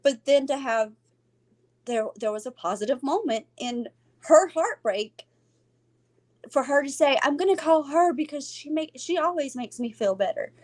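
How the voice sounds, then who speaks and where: A woman's voice: high-pitched, normal speed. A middle-aged woman, telling a family story in casual chat and acting out the voices of the people in it. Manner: animated, acts out quoted voices, laughs often. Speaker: podcast co-host.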